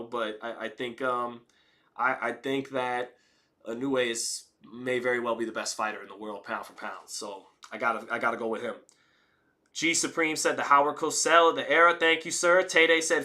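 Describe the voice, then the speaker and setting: A man's voice: mid-range voice, pushed and bright. A man hosting a live fight-commentary stream, reading chat messages aloud in a laid-back way that slides between formal talk and slang. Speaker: livestream host reading chat.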